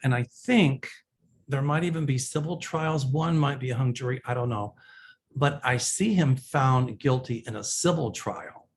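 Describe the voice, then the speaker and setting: Chatty plain-spoken man, mid-pitched voice. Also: a little slow, slight background noise. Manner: chatty, plain-spoken, loose slangy phrasing; reads viewers' questions aloud, then answers in a reassuring predictive tone. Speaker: psychic answering viewer questions. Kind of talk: casual one-person video reading and answering questions.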